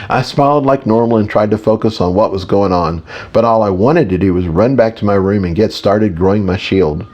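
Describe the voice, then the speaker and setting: Casting: male audiobook narrator, casual first-person read, low voice. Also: fairly quick, hardly any pauses, a little mellow, dull audio. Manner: casual, with small reading slips.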